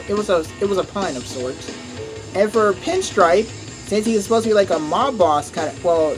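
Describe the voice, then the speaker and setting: Excitable young man commentating a game. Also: high-pitched. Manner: excitable, chatty, curses at the game. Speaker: gameplay commentator. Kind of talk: casual gameplay commentary. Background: game music.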